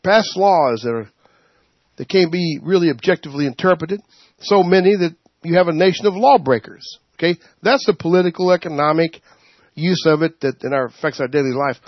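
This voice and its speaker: A man leading a Bible study, preaching informally in an animated way, laughing and acting out quotes. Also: fairly high pitch, a little fast, no echo. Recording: dull, muffled sound.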